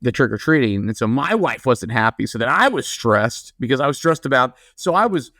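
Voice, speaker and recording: A man's voice: medium pitch, lively intonation, brisk, sharp tone, no echo, studio quality. A young man co-hosting a podcast, teasing his friend in a playful, casual way with lots of restarts. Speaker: podcast co-host.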